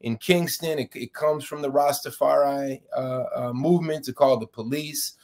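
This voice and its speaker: A man's voice: mid-range voice, steady tone, normal speed, darkish tone. A man with a New York accent, a fired professor being interviewed, arguing his case with many restarts and rising intensity when indignant. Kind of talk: interview, impassioned argument.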